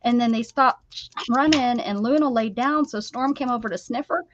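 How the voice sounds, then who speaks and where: An American woman chats casually on her craft stream, teasing and laughing as she works. Her voice sits a little high. The audio comes through muffled and lo-fi. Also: normal speed, background noise. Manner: chatty, laughs often, teasing. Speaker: craft livestream host. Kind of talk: casual chat while crafting.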